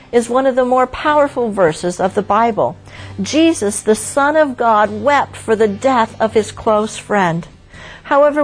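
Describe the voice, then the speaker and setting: A woman giving a scripted devotional Bible teaching, reading scripture slowly and lingering on key words. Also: medium pitch, rough recording.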